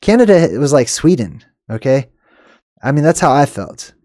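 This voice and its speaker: A man's voice: on the high side, very animated, moderate pace, no room sound, clean studio sound. A man hosting a video, casually talking over news clips in a rambling way, laughing and dropping into muttered asides. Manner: rambling, chuckling, swings from loud to muttered asides.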